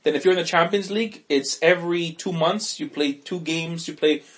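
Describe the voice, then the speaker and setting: Fast, rambling man explaining sports. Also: a little high, fairly bright tone. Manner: profane. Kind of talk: casual chat.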